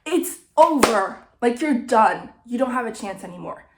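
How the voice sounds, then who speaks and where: A young woman vlogging a casual, animated rant, a little sick and swearing often. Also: a little high, normal speed, roomy sound, noisy background. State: slightly sick. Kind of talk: casual ranting monologue.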